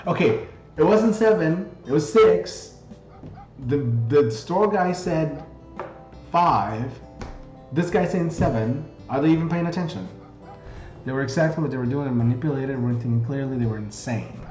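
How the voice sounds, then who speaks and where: A man's voice: fairly high pitch, moderate pace, darkish tone. Chatty male game streamer, roomy sound. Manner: chatty, jokey, reads game text aloud. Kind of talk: casual game commentary, reading dialogue aloud. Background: faint game music.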